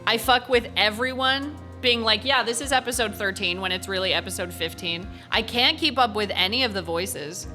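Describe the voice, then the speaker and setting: A young woman streamer commentating casually on a game, animated and giggly, swearing now and then. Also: medium pitch, moderate pace, hardly any pauses, faint music behind. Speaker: gaming streamer. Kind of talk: casual let's-play commentary.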